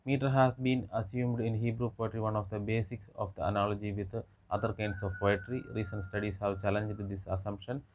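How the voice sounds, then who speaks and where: A man giving an academic lecture, speaking haltingly with frequent hesitations and restarts. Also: lowish voice, flat delivery. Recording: tinny phone-like lo-fi audio.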